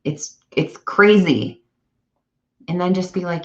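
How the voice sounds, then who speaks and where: Chatty woman live-streaming, low voice. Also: slow. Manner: chatty, animated, self-correcting. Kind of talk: casual live-stream chat. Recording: dull lo-fi live-stream audio.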